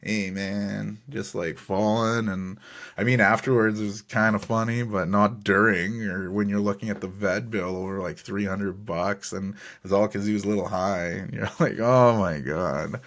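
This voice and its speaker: A man's voice: fairly low pitch, flat delivery, normal speed, fairly bright tone. A man hosting his own solo sports podcast, running through scores and telling stories in a laid-back, chatty way with easy fillers and chuckles. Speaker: podcast host.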